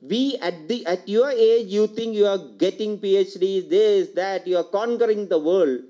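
A man's voice: high-pitched, normal speed, mellow. An older man with an Indian English accent giving a public lecture, asking the audience rhetorical questions and repeating his key points. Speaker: university lecturer. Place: lecture hall. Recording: dull lo-fi lecture recording.

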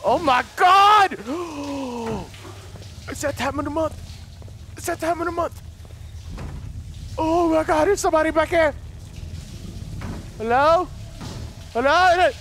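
Man, let's play commentary, sore strained throat, yells and swears, noisy game audio. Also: very high-pitched, a little slow, pauses often. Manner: screams and swears at scares, jokes to viewers. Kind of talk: gameplay commentary.

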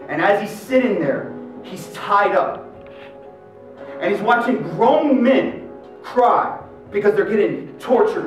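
A man, a Catholic youth minister, giving an energetic live faith talk with street slang. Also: high voice. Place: large hall with live audience. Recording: echoey hall, mic far off. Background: guitar music.

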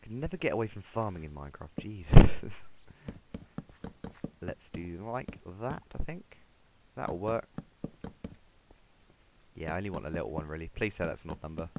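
A man's voice: low-pitched, lively intonation, brisk, background noise. A man giving casual, rambling gameplay commentary, talking to himself as he plays. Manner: rambling, talks to himself while playing. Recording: game music playing underneath.

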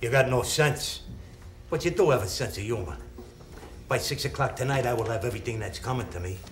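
A man's voice: medium pitch, lively intonation, fairly quick, close to an everyday voice. A man acting as a brash young loan shark who trades insults and gives orders. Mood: blustering. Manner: blustering, insulting, then soothing. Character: young male loan shark, brash, bossy, quick-tempered. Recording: echoey room.

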